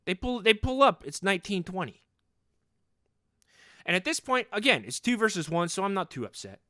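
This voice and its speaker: A rambling, boastful middle-aged dad who can't stand losing, as a man improvises him on a comedy podcast. His voice is bright and clear, sitting a little high and swinging freely up and down as he goes. The sound is close and dry. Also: sing-song, normal speed, no room sound, heavily acted. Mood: worked up. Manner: rambling, boastful, repeats himself. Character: hot-headed, overcompetitive middle-aged sports dad. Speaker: podcast host in character.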